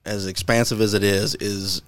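A man, a podcast guest, making dry, deadpan jokes in casual chat. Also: on the low side, normal speed, no echo.

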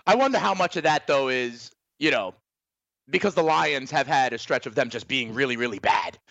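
Gravelly, animated male betting co-host. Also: mid-range voice, normal speed, dry recording, dull audio. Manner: conversational, asks for agreement with "right?". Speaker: sports betting show co-host. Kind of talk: casual sports betting talk.

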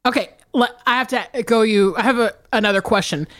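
A woman's voice: a little high, brisk, fairly bright tone, dry recording, clean studio sound. A woman co-hosting a podcast in casual chat, swearing playfully and often restarting her sentences. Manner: profane, playful, repeats herself. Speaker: podcast co-host.

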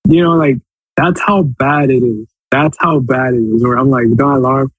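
A man's voice: mid-range voice, steady tone, normal speed, breathy edge, dry recording, rough recording. A man co-hosting a casual sports podcast, rambling, repeating himself and trailing off mid-thought. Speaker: podcast co-host.

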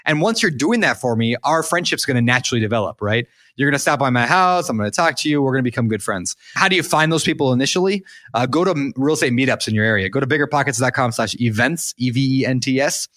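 Young male podcast co-host, quick, bright and animated, casual advice chat. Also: medium pitch, dry recording, clean studio sound. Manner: animated, acts out quoted people.

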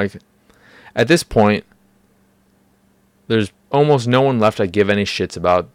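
A man's voice: low-pitched, gravelly, no room sound. A man hosting a solo podcast, ranting in a profane, exasperated way and mocking characters in put-on voices. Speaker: podcast host.

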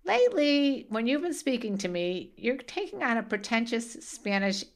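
A woman's voice: fairly high pitch, big pitch swings, normal speed. A middle-aged woman co-hosting a podcast with her adult child, chatting casually in a teasing, playful way and laughing easily. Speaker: podcast co-host, host's mother. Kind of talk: casual chat. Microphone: podcast studio mic.

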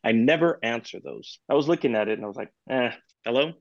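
A man in a podcast interview, telling anecdotes in an animated way and acting out the dialogue in them. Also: mid-range voice, quick pace, gravelly, no room sound, lo-fi sound. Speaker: guest percussionist.

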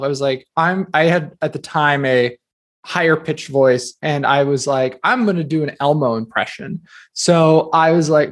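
A man in his thirties from New Jersey, speaking as a guest in a relaxed interview. His voice sits a touch higher than most men's, and he rattles along with lots of "like" and "sort of," poking fun at himself as he tells stories. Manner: fast, filler-heavy, self-deprecating storytelling. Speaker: guest author. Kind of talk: casual interview talk.

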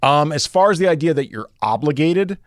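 A man co-hosting a podcast, giving calm, wry advice in casual chat. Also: on the high side, fairly quick, dry recording, studio quality. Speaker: podcast co-host.

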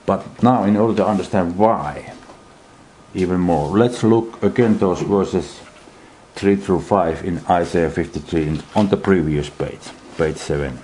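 A man's voice: sits low, a little slow, dark tone, a little hiss or hum, rough recording. A man leading a Bible study, reading verses aloud and then explaining them. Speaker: Bible teacher.

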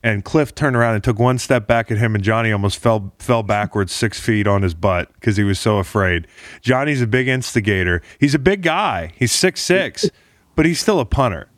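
Podcast host guy, lowish voice, dry sound, teasing and jokey. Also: lively intonation, normal speed, dry recording. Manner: joking, teasing, lots of restarts. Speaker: podcast host and former football player. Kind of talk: casual podcast chat.

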